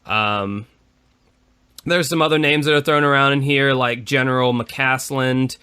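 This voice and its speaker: A man co-hosting a podcast talks in loose, casual chat, rambling and leaning on fillers. His voice is bright and smooth, with a forward, clean tone. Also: medium pitch, steady tone, a little slow. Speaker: podcast co-host.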